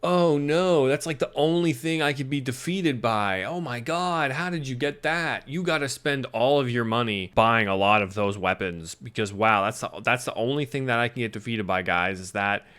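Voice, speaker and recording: A man's voice: lowish voice, a little fast, few pauses, sharp tone, clear, resonant tone. A man voicing a male monster villain who pretends to panic, talking in exaggerated mock alarm.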